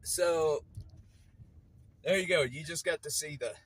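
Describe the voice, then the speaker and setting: A man's voice: on the high side, a little slow, fairly bright tone, slight background noise, poor audio. A man live-streaming outdoors on a phone, shivering from the cold, rambling and talking to his chat. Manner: rambling, laughs often, talks to chat. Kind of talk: casual live-stream narration. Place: outdoors in a cemetery. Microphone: phone held in hand.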